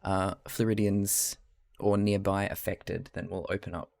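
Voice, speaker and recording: Gravelly Australian man chatting on stream. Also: deep voice, flat delivery, unhurried, darkish tone, dry recording. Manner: chatty, rambling, swears and laughs often. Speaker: live streamer. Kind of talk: casual live-stream chat while crafting.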